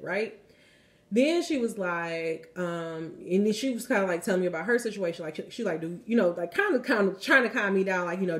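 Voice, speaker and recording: A young woman talks casually to her viewers as a tarot reader. Her voice sits a little low for a woman. She rambles in a loose, storytelling way, leaning on "like" and "you know" and dropping the odd curse. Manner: chatty storytelling, heavy use of "like" and "you know", occasional swearing. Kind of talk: casual spiritual vlog talk.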